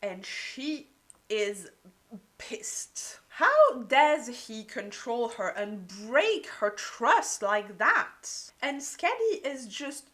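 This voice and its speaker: A woman's voice: a little high, very animated, drawn-out words, fairly bright tone. A woman giving a casual book review, gushing and peppering her talk with "like".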